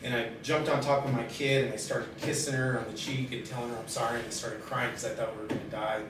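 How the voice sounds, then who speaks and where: A middle-aged man telling his own life story in a halting, candid way, with many pauses and fillers. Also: mid-range voice. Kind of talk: personal storytelling in conversation. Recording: very echoey room, distant mic, steady background noise.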